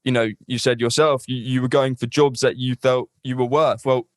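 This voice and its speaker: A man's voice: mid-range voice, little pitch movement, moderate pace, no room sound, clean studio sound. A man hosting a podcast interview, speaking thoughtfully with many fillers and restarts. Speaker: podcast host. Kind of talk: reflective conversational interview.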